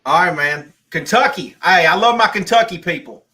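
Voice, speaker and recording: A man's voice: fairly high pitch, expressive, normal speed, pushed and bright. A man hosting a live call-in stream, chatting casually and rambling with lots of restarts.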